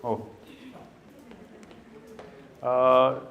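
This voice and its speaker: A man's voice: medium pitch, monotone, extremely slow, phone-quality sound. A middle-aged man speaking to young people in a live talk, quizzing them patiently and then telling a long story. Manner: questioning, coaxing and storytelling.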